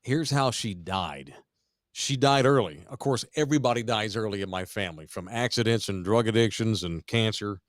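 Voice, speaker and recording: Speaking at a moderate pace in a lowish voice, this forties-aged podcast host from Texas tells a family story, profane and animated, shouting out quoted lines in casual chat. The recording is studio quality with no echo.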